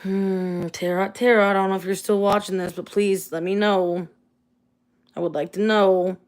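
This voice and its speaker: A woman's voice: mid-range voice, level tone, moderate pace, clean tone. A woman ranting angrily and swearing on a late-night livestream, tired and venting, talking to a phone or webcam at home. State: tired, up at four in the morning.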